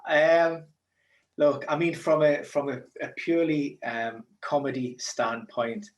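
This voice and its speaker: A man with a Geordie accent chatting casually as a podcast co-host, animated and joking. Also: on the high side, measured pace, reverberant. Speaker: podcast co-host, football pundit.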